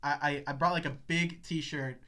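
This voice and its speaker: A man's voice: a little high, steady tone, moderate pace, bright, forceful tone. A man in his twenties, co-hosting a podcast, telling a story in casual chat, laughing often and mimicking people as he goes. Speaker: podcast co-host.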